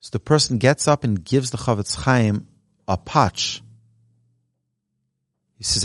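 Teaching a Torah class indoors at a learning center, a rabbi speaks earnestly to a live audience, urging his listeners on and rising emphatically as he tells a story. His voice is mid-range and a bit bright, with frequent pauses, a slow pace, and no echo.

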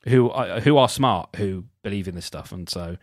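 A man hosting a casual solo podcast, reading passages aloud and commenting on them in a wry, self-deprecating way, often halting and restarting. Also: low voice, dry recording, studio quality. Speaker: podcast host.

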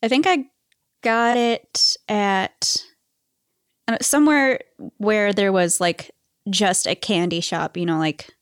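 A woman's voice: mid-range voice, slow, clean tone, no room sound, clean studio sound. A young woman co-hosting a podcast, chatting casually with frequent laughs and filler words. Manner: giggly, rambling with many fillers. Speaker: podcast co-host. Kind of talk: casual chat.

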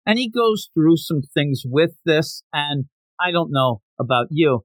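A podcast host with a fairly high voice retells a story in casual chat, animatedly acting out the lines of the people in it. He speaks at a measured pace; the audio is poor, though there is no room sound.

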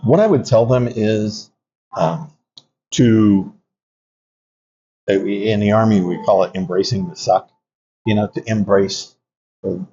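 Low, mellow-voiced older veteran man. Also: a little hiss or hum. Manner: reflective, anecdotal, many fillers and restarts. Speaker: Army veteran guest. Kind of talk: conversational interview storytelling. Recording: dull lo-fi audio.

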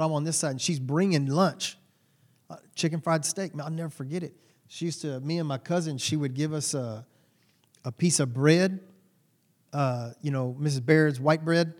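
A man in his forties preaching a sermon, telling folksy stories with sudden loud bursts. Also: fairly high pitch. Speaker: pastor.

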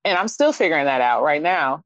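A woman from Kansas City with a Midwestern accent, chatting as an interview guest, animated and expressive. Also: a little fast, no echo, dull audio. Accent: Midwestern American. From Kansas City, Missouri. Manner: animated, expressive, jumps up in pitch for emphasis. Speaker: fashion designer guest. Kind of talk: casual interview chat.

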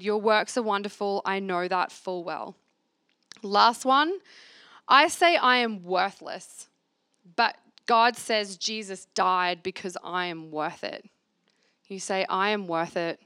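A woman's voice: mid-range voice, slow, sharp tone, dry recording, clean studio sound. A woman leading a church reflection, reading scripture aloud and asking the listeners to repeat affirmations after her. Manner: earnest, asks the room to repeat lines. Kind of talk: sermon with call-and-response scripture reading. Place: church gathering.

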